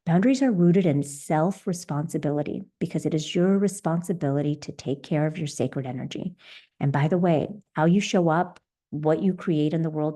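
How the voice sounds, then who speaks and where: A woman's voice: fairly low pitch, warm tone. A middle-aged woman hosting a solo podcast as a leadership coach, talking earnestly and encouragingly with everyday examples.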